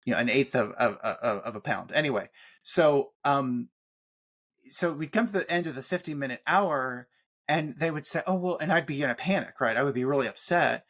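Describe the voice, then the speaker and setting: Animated man telling a long personal story. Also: mid-range voice, normal speed. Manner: animated, frequent restarts and "like", acts out quoted therapists. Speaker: podcast guest, author. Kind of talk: conversational interview talk.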